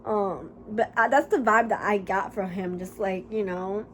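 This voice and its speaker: A woman talking casually as a book reviewer, rambling and animated, with lots of fillers and casual swearing. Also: mid-range voice, measured pace, slight background noise. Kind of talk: casual chat.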